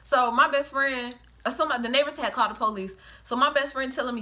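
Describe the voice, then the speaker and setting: Woman, middle-aged, bright higher voice, lively casual storyteller who plays all the quotes. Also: fast talker. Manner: animated, acts out quoted voices, breaks into laughter. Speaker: storyteller, the host's mother.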